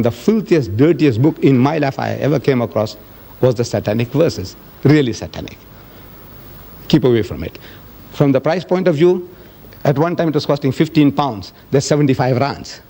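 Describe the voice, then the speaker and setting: A man's voice: medium pitch, a little fast, vocal fry, dark tone. An older man from South Africa giving a public lecture and taking audience questions, telling stories animatedly and acting out quoted exchanges. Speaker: public speaker.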